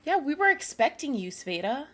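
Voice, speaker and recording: A woman's voice: sits high, sing-song, normal speed. A young woman streamer commenting live on a game, ranting angrily and swearing at the characters. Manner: angry, profane, ranting at characters.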